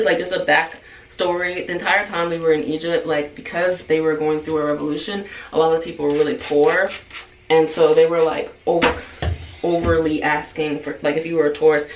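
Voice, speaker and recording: A woman's voice: sits low, recorded from a distance. A woman tells a casual vlog storytime in a chatty flow, leaning on "like" and slipping into the voices of the people in it. She sits back from the mic in a roomy space, with a faint hiss of noise behind her. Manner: chatty, heavy use of "like", acts out quoted dialogue. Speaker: beauty vlogger.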